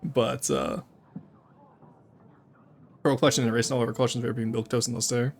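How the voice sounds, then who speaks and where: A man's voice: medium pitch, little pitch movement, quick pace, gravelly, slight background noise. A man streaming a game, chatting in rambling rants full of restarts. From Canada. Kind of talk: casual live gameplay chat.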